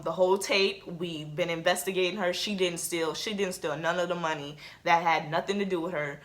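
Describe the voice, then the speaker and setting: Teen girl vlogger, casual storytime, chatty, lots of fillers, bright voice. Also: on the low side. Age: late teens. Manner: chatty, with many "like"s and "um"s.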